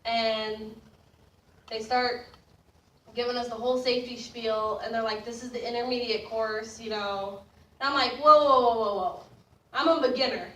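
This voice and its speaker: A young woman tells a story in a casual, lively way, her voice rising and breaking into laughter as it goes. Her tone is bright and a little high. She sits some distance from the mic in a roomy space with faint ambient noise. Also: normal speed.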